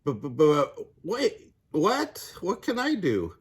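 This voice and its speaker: An older man voicing a cheerful, motherly female crocodile in a high sing-song voice for a storybook. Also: huge pitch swings, slow pace, husky, full character voice. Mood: flustered.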